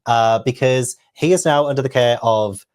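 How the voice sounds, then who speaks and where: A man's voice: medium pitch, moderate pace, a little mellow. A man hosting a casual chat, talking thoughtfully and rambling with many fillers. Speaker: host.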